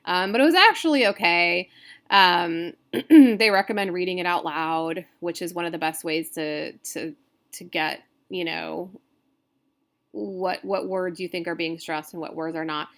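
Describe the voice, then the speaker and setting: Female poetry teacher, unhurried and a little gravelly, thinks aloud and corrects herself mid-lecture. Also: lowish voice, fairly bright tone. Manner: counts stresses aloud. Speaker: poetry instructor. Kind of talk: recorded screen-share lecture.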